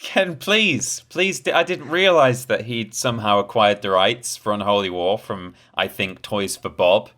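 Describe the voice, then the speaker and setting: A man with a Yorkshire accent co-hosting a gaming podcast, joking in a dry, sarcastic, deadpan way and reading out listener questions. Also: on the low side, a little slow, few pauses. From Yorkshire, England. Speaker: podcast co-host. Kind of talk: casual chat.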